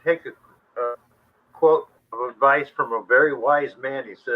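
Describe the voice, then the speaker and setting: A man's voice: medium pitch, steady tone, normal speed. A man chatting casually on a live stream, dry and joking. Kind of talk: casual chat. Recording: muffled lo-fi audio.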